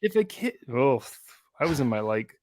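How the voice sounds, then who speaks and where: A man in his forties, co-hosting a podcast in casual chat, telling animated stories and acting out shouted quotes. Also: medium pitch, moderate pace, no room sound. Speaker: podcast co-host.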